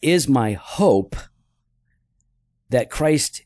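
A man's voice: mid-range voice, animated, very slow, a little mellow, no room sound. A man co-hosting a podcast in a voice that sits in a middle register. His manner is teasing, and it shifts into an earnest preaching tone. The sound is dry and close, with no room behind it. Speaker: podcast co-host. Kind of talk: casual chat and sponsor read.

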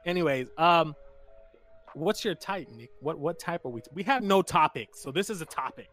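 A man co-hosting a podcast in casual chat, teasing his friends loudly with sudden high-pitched jokes. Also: expressive, moderate pace, faint music behind. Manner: loud teasing, jumps high in pitch when joking. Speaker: podcast co-host.

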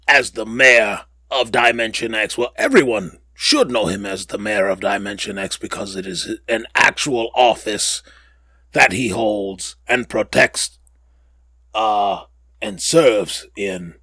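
A man with a somewhat low voice hosts a casual podcast, drawling along at an unhurried pace. He rambles and jokes, catching and correcting himself as he goes. The sound is close and dry. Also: pushed and bright, no room sound. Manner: rambling and joking, with many fillers and self-corrections. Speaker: podcast host.

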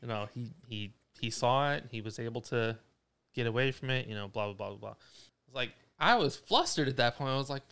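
A man's voice: mid-range voice, expressive, fairly quick, creaky, fairly bright tone, clear, resonant tone. A young man co-hosting a podcast, telling a driving story in casual, profane chat. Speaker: podcast co-host.

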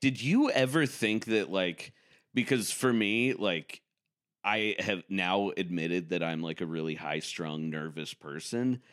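A man's voice: deep voice, measured pace, fairly bright tone. A man comedian guesting on a podcast, self-deprecating and laughing often while telling stories. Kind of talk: casual comedic podcast chat.

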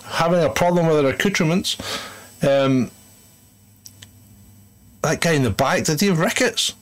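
A man's voice: fairly high pitch, normal speed. A British man hosting a casual live commentary stream, sardonic and grumbling, laughing often. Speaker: stream host.

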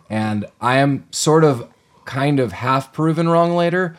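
A man's voice: fairly high pitch, unhurried. A man co-hosting a podcast, recapping a film in casual chat and acting out the characters' lines as he goes. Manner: animated retelling with acted-out quotes. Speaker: podcast co-host.

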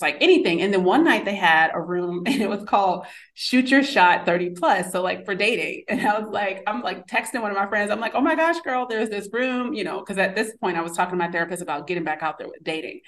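A woman in her thirties, a podcast guest, telling a personal story in a chatty, animated way with frequent fillers and laughs. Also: lowish voice, fairly quick. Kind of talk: casual storytelling.

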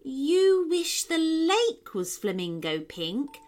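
A woman voicing a gentle, cautious female unicorn in a storybook, speaking calmly and questioningly. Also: high-pitched, faint music behind, voice pushed up, heavily acted. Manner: calm, questioning, measured.

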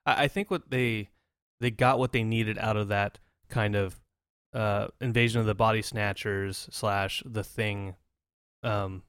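A man's voice: fairly low pitch, unhurried, clean tone, no room sound. Joking podcast co-host man, dry sound. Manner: jokey, animated storytelling with laughs. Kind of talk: casual chat.

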